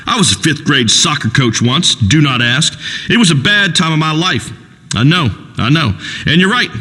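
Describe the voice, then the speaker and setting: A man's voice: on the high side, bright, forceful tone, in a large hall, poor audio. An actor playing a crude, macho rural male talk-radio host in a comedy game radio show, drawling and preachy.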